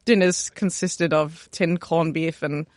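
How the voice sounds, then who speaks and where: A young woman chef from West London with a West London accent, chatting relaxed in an interview, laughing often and filling with "you know". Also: deep voice, a little slow, no echo. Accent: West London English. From West London, England. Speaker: chef, guest. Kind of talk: casual interview chat.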